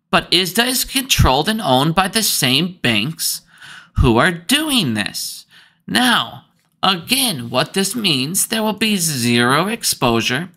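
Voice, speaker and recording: Profane ranting man with a bright voice. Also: high-pitched. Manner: profane, heated, fast ranting. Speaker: finance commentator. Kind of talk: ranting finance commentary vlog.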